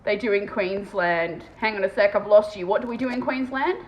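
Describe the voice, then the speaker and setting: A woman with an Australian accent chatting fast and casually on a live stream as she paints terrain, swearing freely. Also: mid-range voice. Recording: echoey room with faint background noise.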